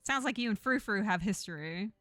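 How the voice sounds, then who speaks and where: A woman's voice: mid-range voice, animated, a little fast, fairly bright tone, no echo, faint music behind. A woman from Texas streaming a story game, chatting with viewers in jokey asides between reading lines aloud.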